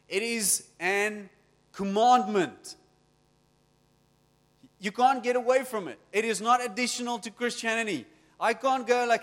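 Pastor, high-pitched, lively sermon, long hall reverb. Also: male voice.

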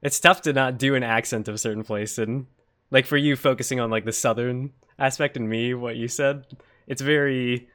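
An American man hosts a casual podcast, reading out listener questions with open curiosity. He laughs often and keeps the talk easy. His voice sits in a plain, middle pitch. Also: fairly even intonation, normal speed, fairly bright tone. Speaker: podcast host. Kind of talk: casual interview chat.

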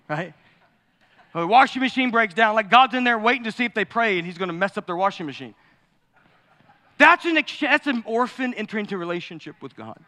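A middle-aged man preaching a sermon as pastor, animated and acting out quoted voices. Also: high voice, a little fast. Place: church sanctuary. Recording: long hall reverb.

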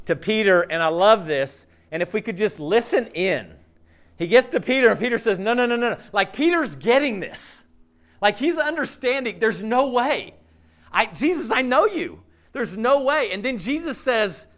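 A man preaching a sermon, telling a story in animated fashion, acting out the characters' lines and checking in with frequent asides. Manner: swings from loud emphasis to hushed low asides. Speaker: pastor.

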